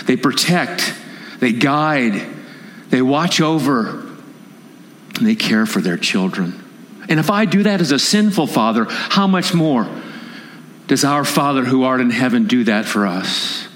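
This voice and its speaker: A man preaching a sermon as pastor at a conference, impassioned and rising into emphatic raised appeals. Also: a little high. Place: conference hall. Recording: long hall reverb.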